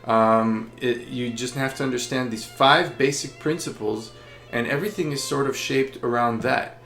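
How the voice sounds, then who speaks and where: Guy explaining violin stuff patiently, gravelly voice, echoey room. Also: mid-range voice, a bit bright. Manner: patient, explanatory, with frequent fillers. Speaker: violin teacher. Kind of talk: instructional explanation. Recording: roomy echo.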